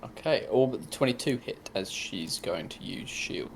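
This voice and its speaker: A man narrating a tabletop game as game master, relaxed and often pausing with ums. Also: lowish voice, vocal fry, a little hiss or hum.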